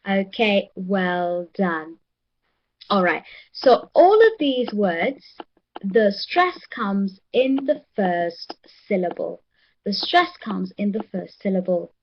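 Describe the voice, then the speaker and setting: Woman teacher doing a pronunciation class, talks slow, encouraging, kinda dull lo-fi audio. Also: mid-range voice, sing-song, a little hiss or hum. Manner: encouraging, repeats words slowly for the class. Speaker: English teacher. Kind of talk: pronunciation lesson.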